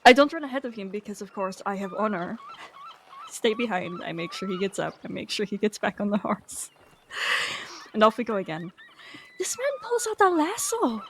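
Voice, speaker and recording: A woman with an ordinary mid-range voice telling a story in character. She is animated and acts out the other people's lines as she goes, with faint noise behind her. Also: medium pitch, fairly quick. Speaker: roleplay game player.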